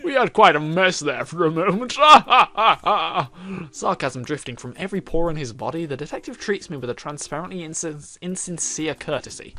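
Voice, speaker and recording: A lively man narrates a game playthrough, his voice fairly high and swinging widely as he reads and reacts. He swears and laughs between passages, with faint music playing behind him. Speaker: gaming youtuber. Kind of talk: visual novel playthrough with narration and commentary.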